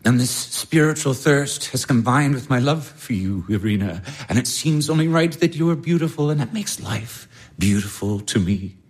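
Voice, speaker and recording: A man's voice: medium pitch, lively intonation, moderate pace, husky. An actor in his late twenties playing an earnest young baron, speaking tenderly and with longing. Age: late 20s. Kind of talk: stage drama acting.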